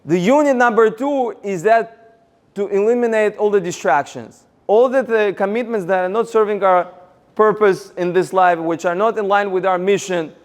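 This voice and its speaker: A man giving a motivational seminar talk, energetic and rallying the audience with questions. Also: sits high, moderate pace. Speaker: seminar speaker.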